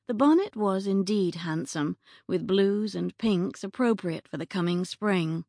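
A woman narrating an audiobook in a measured, even storytelling manner, recorded close on a studio mic. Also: mid-range voice, creaky, no echo. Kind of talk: scripted narration.

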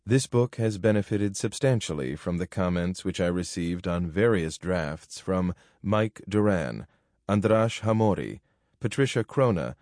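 A man reading a nonfiction book aloud in a measured, formal narration. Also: fairly low pitch, darkish tone, no room sound, studio quality. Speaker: audiobook narrator.

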